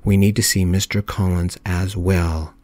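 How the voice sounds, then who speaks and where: A soft-spoken man in ASMR storytelling, voicing a stern, procedural male police officer. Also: sits low, a little slow, no echo. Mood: firm. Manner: formal, steady, reads out rules.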